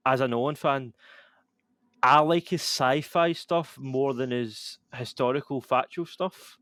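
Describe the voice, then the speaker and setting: A man's voice: medium pitch, unhurried, a bit bright, no room sound, studio quality. A young man, co-hosting a podcast in casual, opinionated chat full of "like" fillers. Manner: opinionated, rambling with frequent "like" fillers. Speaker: podcast co-host.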